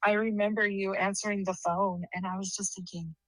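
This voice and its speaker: A woman's voice: mid-range voice, level tone, brisk, fairly bright tone, dry recording, poor audio. Chatty laughing woman telling stories. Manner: chatty, laughs often, rambling storyteller. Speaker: podcast co-host, sister. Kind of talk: casual chat.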